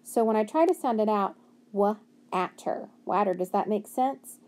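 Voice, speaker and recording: A woman's voice: mid-range voice, animated, a little fast, mellow. A woman teaching a phonics lesson, stretching out word sounds and asking and answering her own questions.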